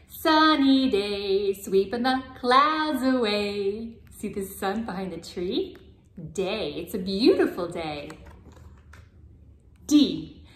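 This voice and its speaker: A woman speech language pathologist modeling simple sounds and words for toddlers in a playful, sing-song, drawn-out way. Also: on the high side, a bit bright, echoey room. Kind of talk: slow, exaggerated word modeling for toddlers.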